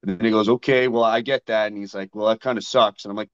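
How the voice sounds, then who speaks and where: A man's voice: on the low side, fairly even intonation, fast, hardly any pauses, clean tone, dull audio. A man guest in a casual interview, talking bluntly and retelling conversations with others. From Canada. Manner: blunt, storytelling, acts out both sides of conversations. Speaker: guest fighter.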